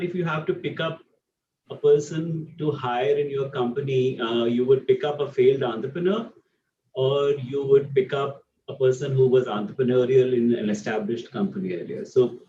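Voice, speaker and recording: A man's voice: medium pitch, normal speed, dark tone, a little hiss or hum. A man moderating a conversation, asking questions hesitantly with many fillers. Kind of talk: interview questions. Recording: dull, echoey, distant mic.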